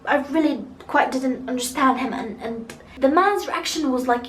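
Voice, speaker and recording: High-voiced young woman vlogging in an echoey room. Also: lively intonation, normal speed, few pauses. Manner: chatty, many fillers and restarts. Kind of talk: casual storytelling vlog. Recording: echoey room with faint ambience.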